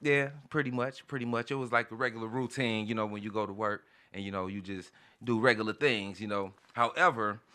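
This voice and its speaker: A man's voice: lowish voice, fairly quick. A man with a St. hosting a radio show, telling a story in casual chat and acting out the people in it. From St. Louis. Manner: animated storytelling, acts out quoted voices.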